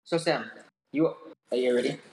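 Halting game master in an echoey garage. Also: male voice, medium pitch. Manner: halting, full of ums and restarts. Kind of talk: narrating a tabletop game. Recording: echoey garage with background noise.

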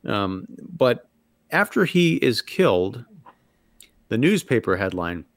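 Animated man laughing through a movie chat. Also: mid-range voice, no echo. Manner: animated, quick to laugh, quotes lines. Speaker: podcast co-host. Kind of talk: casual movie review chat. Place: indoor studio room.

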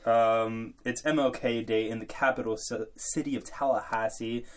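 A man's voice: mid-range voice, steady tone, normal speed. A young man co-hosting a college podcast, telling rambling, joking stories before turning to sports. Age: young adult. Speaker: podcast co-host. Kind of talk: casual college sports chat.

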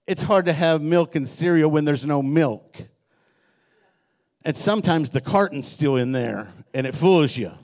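Middle-aged pastor preaching with humor. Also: male voice, a little high, measured pace, a little mellow. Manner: joking, storytelling, acts out quoted voices. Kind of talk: sermon. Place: church.

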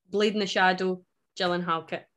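A Scottish woman from Scotland co-hosting a book podcast, chatting in a wry, animated way. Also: lowish voice. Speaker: podcast co-host. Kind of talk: casual chat.

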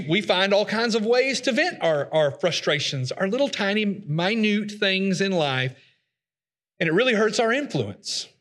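A man's voice: high voice, bright, forceful tone. A man preaching a conversational, folksy sermon, acting out the voices of complainers.

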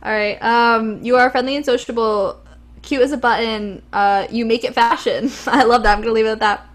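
Brisk and steady in tone, this young podcast co-host's voice sits on the high side. She chats with enthusiasm in a casual way, saying "um" often.

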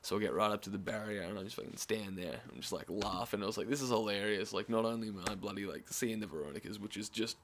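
A young Australian man tells a laid-back, casual story, swearing often and tossing in quick laughs. His voice is on the low side. There's a little hiss or hum.

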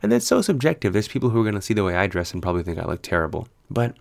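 A man with a slightly low voice chats on his own, telling stories with lively, foul-mouthed energy. He laughs often and leans hard into his punchlines. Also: rapid-fire, vocal fry. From United States. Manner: animated, profane storytelling with frequent laughs. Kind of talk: casual solo chat.

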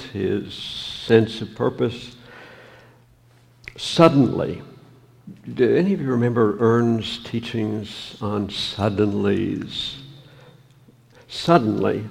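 A man preaching a sermon, reading scripture and reflecting on it slowly, with many pauses and ums. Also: on the low side, creaky, darkish tone, husky.

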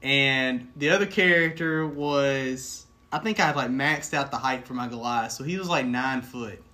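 Bright, enthusiastic man chatting. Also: mid-range voice, normal speed. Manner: animated, enthusiastic storyteller. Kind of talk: casual chat.

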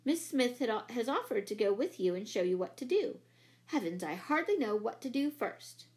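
Brisk chatty mother, practical, storybook voice, played by a woman reader. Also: a little high, sing-song, a little mellow. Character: middle-aged mother and librarian, brisk, practical.

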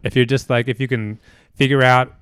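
A man's voice: mid-range voice, little pitch movement, fairly quick, a bit bright, smooth, no echo, clean studio sound. A man in casual chat, laid-back and musing, loose with his fillers.

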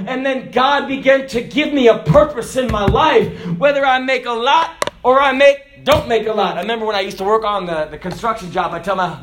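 High-voiced preacher in an echoey hall. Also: male voice, slight background noise. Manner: swings from loud emphatic preaching to soft low asides. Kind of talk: sermon.

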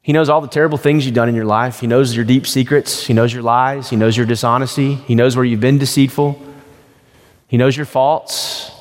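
A man preaches in a loose, conversational way, slipping stories into his sermon. His voice sits in a middle pitch. Long reverb hangs behind him, as in a church sanctuary. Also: fairly even intonation, a little fast. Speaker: pastor.

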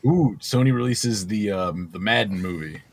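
A man co-hosting a casual comedy podcast, trading quick crude jokes. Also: lowish voice, husky. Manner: jokey, quick with crude punchlines. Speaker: podcast co-host.

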